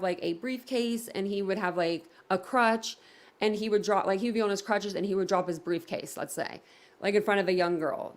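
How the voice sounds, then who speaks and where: A woman hosting a casual livestream, talking in a rambling way with many fillers and reading viewer comments aloud. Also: mid-range voice. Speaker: livestream host reading chat.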